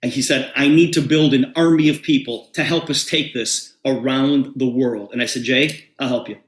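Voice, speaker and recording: A man's voice: mid-range voice, moderate pace, echoey room. A man telling a personal story to a group, acting out both sides of a conversation. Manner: animated storyteller, acts out dialogue. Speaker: presenter. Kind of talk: storytelling testimonial.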